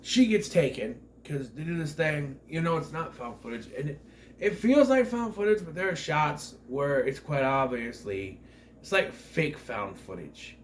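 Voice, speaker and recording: A man rambling through a casual spoiler review of a horror movie, forgetting character names and clearing his throat. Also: a little high, lively intonation, unhurried, a little hiss or hum.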